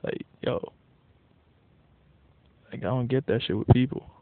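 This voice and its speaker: This male vlogger talks a little slowly in a mid-range voice, with no room sound. His casual monologue is a blunt, profane rant that turns animated when he gets worked up, recorded with thin, lo-fi, tinny phone-like quality and dry audio.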